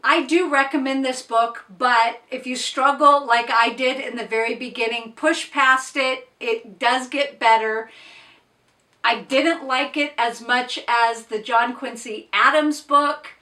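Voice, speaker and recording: A woman's voice: sits high, steady tone, unhurried, pushed and bright, far from the mic. A woman chatting casually through a book wrap-up, blunt and opinionated, with plain asides to the viewer. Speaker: book reviewer. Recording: echoey room, off-mic.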